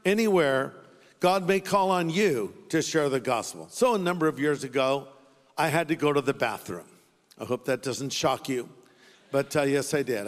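A man preaching a sermon as a pastor, telling a funny story conversationally and acting out the voices in it. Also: high voice. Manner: conversational, humorous, acts out voices in his story. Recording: long hall reverb, faint music.

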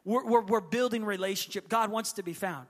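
A man in his thirties, a pastor, preaching a sermon as a lively storyteller who acts out his kids' voices. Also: high voice, a little fast, long reverb tail. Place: church hall.

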